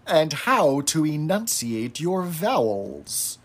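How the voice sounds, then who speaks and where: A man's voice: a little high, big pitch swings, takes it slowly. A man co-hosting a podcast in casual chat, easygoing and wry, steering the talk along. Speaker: podcast co-host.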